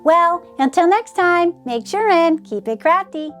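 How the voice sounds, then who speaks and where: Chatty, high-voiced woman crafter. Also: lively intonation, soft background music. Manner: gushing, gasps and squeals over her crafts; unhurried, chatty step-by-step explaining. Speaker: DIY craft channel host. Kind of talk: casual crafting tutorial.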